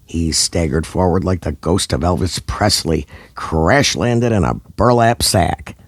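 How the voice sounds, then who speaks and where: A man's voice: low voice, lively intonation, measured pace, dry recording, studio quality. A man narrating a scripted comedy story in a dramatic, over-the-top way.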